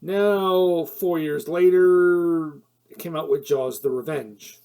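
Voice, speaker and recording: In a relaxed spoken film review, this man talks slowly in a fairly high, mellow, clear and resonant voice. He rambles, uses many fillers, corrects himself, occasionally laughs at his own points and grows heated when something annoys him.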